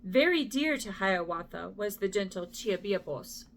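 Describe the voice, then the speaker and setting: A woman's voice: medium pitch, expressive, a little slow, slight background noise. A middle-aged woman reading a poem as a bedtime story. She trips over the hard names and breaks off to apologize and joke at her own expense. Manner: stumbles over names and apologizes with self-deprecating asides.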